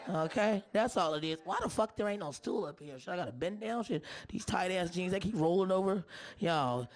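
A woman comedian doing a live stand-up set with a hoarse voice. She is brash and profane and teases the audience. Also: fairly low pitch.

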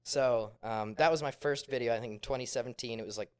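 A man's voice: medium pitch, fast talker, clear, resonant tone. A man guesting on a podcast, telling rambling stories full of fillers on a couch in a rented living room. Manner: rambling storyteller, lots of fillers. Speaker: podcast guest, gaming video creator. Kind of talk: casual podcast chat.

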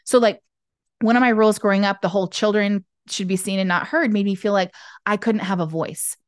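A woman guest talking candidly in an interview over a video call, expressive and acting out the voices she quotes. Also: medium pitch, fairly quick, no echo, clean studio sound. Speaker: podcast guest, intuitive business owner. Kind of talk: candid conversational interview talk.

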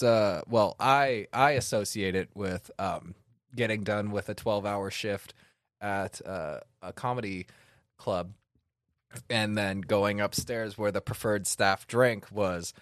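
A man co-hosting a casual tasting chat, relaxed and joking, swearing now and then. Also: lowish voice, slow pace, no room sound, clean studio sound. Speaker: co-host reviewing tequila.

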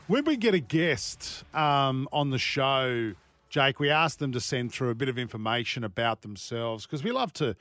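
A man's voice: medium pitch, expressive, normal speed, fairly bright tone, no room sound. An Australian man hosting a casual radio show, chirpy and joking with his guests. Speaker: radio host. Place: radio studio. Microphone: studio mic.

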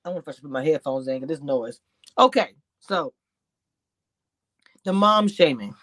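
A woman giving chatty, animated reality-TV commentary on a livestream, talking straight to her chat. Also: a bass voice, fast talker, no room sound. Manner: grows exasperated and incredulous. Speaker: YouTube commentator.

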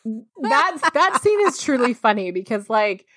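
A woman's voice: a little high, big pitch swings, unhurried, fairly bright tone, dry recording, clean studio sound. A woman co-hosting a podcast in casual chat, animatedly recapping a show, acting out quotes and swearing casually. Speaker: podcast co-host.

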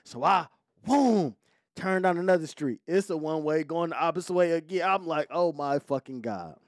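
A man hosting a podcast, telling a story in a casual, profane, animated way. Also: a little high, moderate pace, no echo, clean studio sound. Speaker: podcast host.

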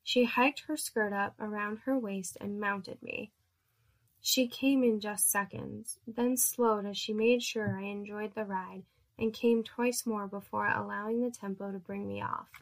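A woman narrating an erotic story in a steady, measured reading voice. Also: mid-range voice, gravelly.

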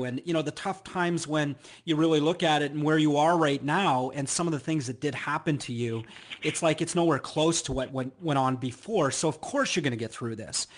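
Encouraging, rambling male host. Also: fairly high pitch. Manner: encouraging, rambling, filler-heavy. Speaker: podcast host. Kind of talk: interview hosting.

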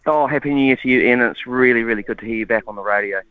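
A man calling in to a radio show, eager and quick to talk. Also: mid-range voice, clean tone, soft background music. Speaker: radio caller. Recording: dry, tinny phone line.

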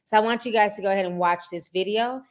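A woman's voice: mid-range voice, rapid-fire. A woman hosting a casual online news commentary, talking straight to her viewers in a chatty way. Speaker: host.

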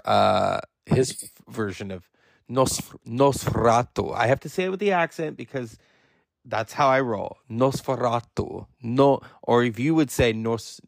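A man hosting a film podcast, rambling in casual, profane, excitable talk. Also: lowish voice, vocal fry, no room sound, clean studio sound. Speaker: schoolteacher. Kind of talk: casual solo podcast monologue.

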